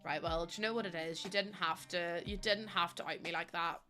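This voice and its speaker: A woman's voice: on the low side, steady tone, a little fast, sharp tone, soft background music. A British woman livestreaming, chatting casually with her viewers, laughing often and swearing freely. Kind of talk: casual stream chat.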